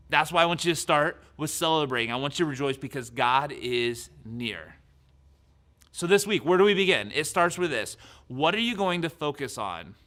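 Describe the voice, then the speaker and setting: A man in his thirties preaching a sermon as pastor, lively, then dropping his voice to near whispers. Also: a little high. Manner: animated preaching that drops to soft whispers.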